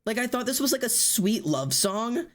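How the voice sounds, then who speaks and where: A streamer chatting casually and loudly to live viewers, rambling and poking fun at themself. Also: medium pitch, very animated, moderate pace. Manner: loud, rambling and self-mocking. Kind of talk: casual livestream chat to viewers.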